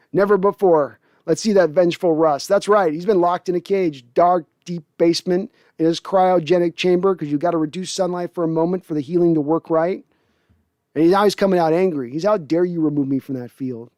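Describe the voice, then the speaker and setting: A man with a fairly high voice hosts a casual livestream, reading viewer messages aloud. He jokes, curses freely and laughs a lot. He is recorded close on a mic in a dry room. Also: darkish tone, no room sound. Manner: laughs often, joking and profane. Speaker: podcast host reading live chat.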